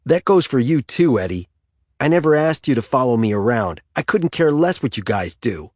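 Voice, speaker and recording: An irritable fifteen-year-old boy who snaps at his brothers in a raised, forceful voice, as a narrator puts him on. Read dry and close for an audiobook. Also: mid-range voice, sing-song, normal speed, no room sound, pitched above the performer's own voice. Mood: angry. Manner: angry, snapping.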